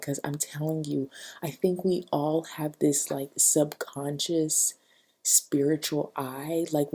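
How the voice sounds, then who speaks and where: A young adult woman with a low, dark voice and gravelly fry. Her tone is husky and breathy, and she talks in a chatty, emphatic way as a vlogger giving advice. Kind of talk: casual talking-head advice.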